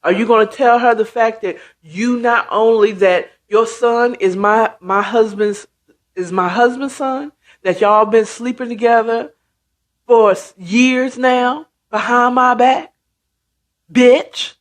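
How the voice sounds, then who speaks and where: A woman's voice: on the high side, steady tone, measured pace, close to an everyday voice. A woman retelling a story and voicing a betrayed young woman who curses and confronts her friend. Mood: accusing. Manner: harsh, confrontational.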